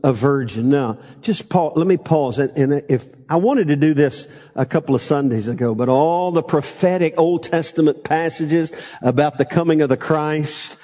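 A man's voice: fairly high pitch, moderate pace, few pauses, warm tone. A man preaching a conversational Sunday sermon as pastor, prompting the congregation to repeat phrases back. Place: church sanctuary. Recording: long church reverb.

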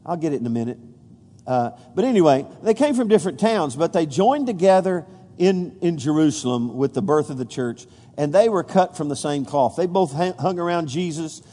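A man's voice: a little high, lively intonation, normal speed, dark tone. A pastor preaching a folksy sermon, stumbling over fillers and restarts, then rising with emphasis when he reads scripture. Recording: long reverb of a large hall.

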